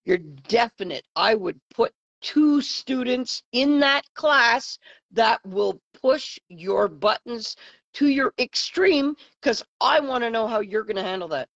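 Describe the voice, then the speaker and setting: A woman's voice: a little high, expressive, slow, a bit bright, dry recording. Woman host pressing a point, dull dry sound. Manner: probing, pushes her own view. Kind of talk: casual live chat.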